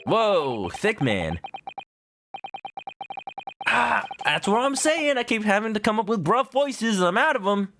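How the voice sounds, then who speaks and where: A man's voice: high-pitched, sing-song, slow, pauses often, a bit bright, a little hiss or hum. A man streaming a game let's play, chatting playfully and casually with many fillers.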